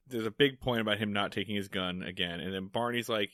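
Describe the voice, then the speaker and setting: A man's voice: medium pitch, steady tone, a little fast, hardly any pauses, pushed and bright, smooth, no room sound, clean studio sound. A man co-hosting a podcast, recapping a sitcom episode in loose, profane, casual comedic chat. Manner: loose and profane, lots of fillers. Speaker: podcast co-host.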